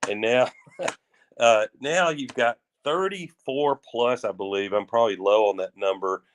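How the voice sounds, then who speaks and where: A man co-hosting a sports talk show, rambling in a folksy way with drawn-out phrases and restarts. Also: medium pitch, noisy background. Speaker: sports radio co-host.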